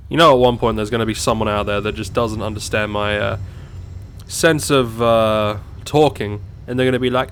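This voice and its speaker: A man's voice: lowish voice, fairly even intonation, normal speed, clean tone. Australian man swearing through game commentary. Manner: rambling, swears constantly. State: has a cold. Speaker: gameplay commentator. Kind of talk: casual gameplay commentary.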